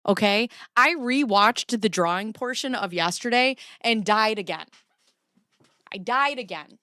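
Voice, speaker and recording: A woman's voice: on the high side, a little slow, sharp tone, no room sound. A woman hosting a casual livestream from her home basement, chatty and profane, often laughing as she reads documents and talks to her chat. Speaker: livestream host. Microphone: camera pointed at herself.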